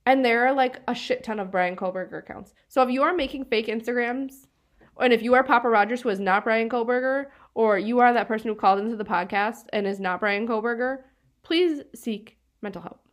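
A northeastern Pennsylvania woman talks briskly in a slightly high voice as co-host of a true-crime podcast. Casual and chatty, she fills her speech with fillers and laughs frequently.

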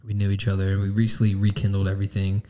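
A man's voice: low voice, completely flat delivery, racing, very noisy. A young man co-hosting a podcast, chatting in a laid-back way and swearing freely. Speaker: podcast co-host. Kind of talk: casual chat.

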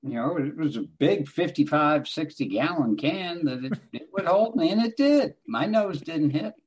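A man's voice: a little high, animated, normal speed, breathy edge. A man, an actor guest in an interview, answering in a wry, self-deprecating way. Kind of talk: casual interview.

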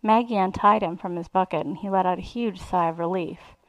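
A woman's voice: on the low side, a little fast, no room sound, low-quality recording. A woman reading a first-person erotic story aloud in a sly, relishing way. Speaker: reader.

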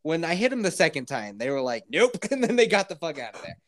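A man's voice: a little high, fast talker. A man telling a comic story on a podcast in casual, profane chat, acting out everyone's reactions as he goes. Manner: animated, profane, acts out others' reactions.

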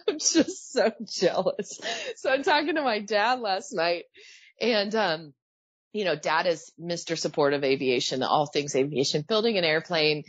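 A woman in her thirties talks fast and animatedly on a podcast, breaking into laughter and quoting people in put-on voices. Her voice sits a little low. The sound is dry and a bit dull, close-miked. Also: dry recording. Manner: animated, laughing, mimics others in quoted voices. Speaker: podcast co-host, pilot. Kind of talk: casual podcast chat.

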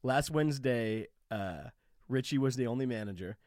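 A man's voice: mid-range voice, moderate pace, dry recording, studio quality. A young man and comedian telling a long anecdote in a rambling, casual way on a podcast. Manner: rambling, animated anecdote-telling with many fillers. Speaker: comedian and guest. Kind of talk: casual storytelling chat.

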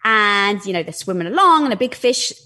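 A woman's voice: mid-range voice, fairly quick. A woman guest talking candidly and animatedly in conversation, with a lot of "like" fillers. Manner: animated, lively, with frequent "like" fillers.

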